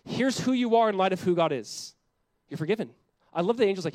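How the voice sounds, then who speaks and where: A man's voice: high-pitched, animated, quick pace, a little mellow, no echo, poor audio. A man who is a pastor, preaching a sermon in an earnest, conversational way that builds in intensity.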